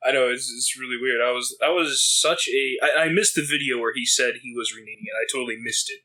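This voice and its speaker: Bright-voiced laid-back man. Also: medium pitch, fast talker, low-quality recording. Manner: laid-back, repeats himself. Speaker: podcast co-host. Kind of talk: casual chat.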